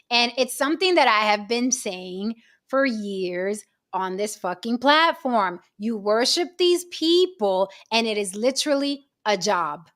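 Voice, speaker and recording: A woman's voice: medium pitch, expressive, measured pace, fairly bright tone. A woman hosting a casual livestream chat, blunt and swearing freely. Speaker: host.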